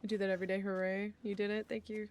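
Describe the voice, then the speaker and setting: A woman's voice: mid-range voice, level tone, very fast, a little mellow, slight background noise. A young woman streaming a game, chatting in a loose, slangy, profane way. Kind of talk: casual game streaming chat.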